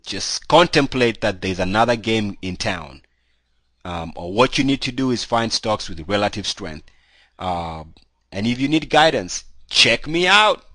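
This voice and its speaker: Lowish and expressive, his fairly bright voice moves unhurriedly with no room sound. The stock market host, who has a cold, discusses charts casually and conversationally, leaning heavily on "you know" fillers.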